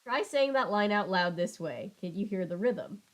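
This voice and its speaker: A woman with a middle-pitched voice reads a children's book aloud in an easygoing, chatty way. She breaks off for side comments now and then. She trips over words and apologizes with a laugh at her own expense. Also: animated, moderate pace. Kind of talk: casual read-aloud with chat asides.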